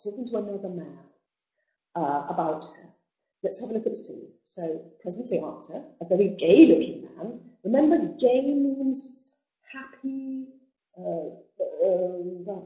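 A woman's voice: mid-range voice, mellow. A woman teacher explaining a novel to students, with chatty asides and restarts. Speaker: literature teacher. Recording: dull roomy sound.

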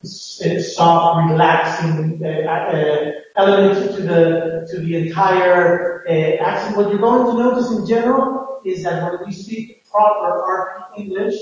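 A man giving a phonetics lecture in a halting, explanatory way, often restarting his sentences. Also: high-pitched. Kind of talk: classroom lecture. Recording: echoey lecture hall, distant dull mic.

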